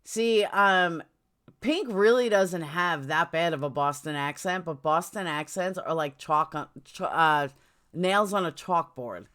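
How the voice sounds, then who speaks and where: A woman's voice: fairly low pitch, a little slow, a bit bright. A middle-aged woman with a New York accent hosting a casual livestream chat from home, blunt and chatty, jumping between topics. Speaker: livestream host. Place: home, indoors.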